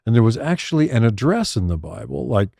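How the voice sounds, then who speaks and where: Pria tua bercerita dengan nada hidup. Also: male voice, fairly quick, creaky, no echo, clean studio sound. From United States. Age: older. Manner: animated storyteller, lively pitch swings, laughs often. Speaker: podcast co-host. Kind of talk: casual chat.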